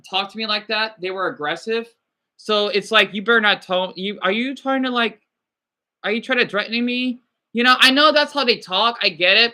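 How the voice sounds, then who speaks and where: A man's voice: high voice, bright, forceful tone. A man livestreaming casually, rambling, swearing and apologizing as he answers viewer comments.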